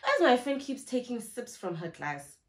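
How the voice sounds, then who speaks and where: A young South African woman telling a story in a casual, animated way, acting out what people said. She records on her phone. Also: a little high, normal speed. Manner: animated, acts out what people said, mixes in isiZulu slang. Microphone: phone camera.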